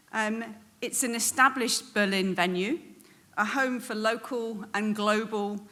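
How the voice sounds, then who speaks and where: A woman from England with a southern English accent, giving an earnest prepared welcome speech as event host, pausing on frequent ums. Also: mid-range voice, a bit bright. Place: event venue hall.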